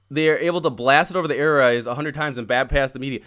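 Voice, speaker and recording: A male political podcast host reads passages aloud on his talk stream, then riffs on them in heated, profane outrage that grows angrier as he goes. His mid-range voice is fairly bright, moving at a quick pace with few pauses.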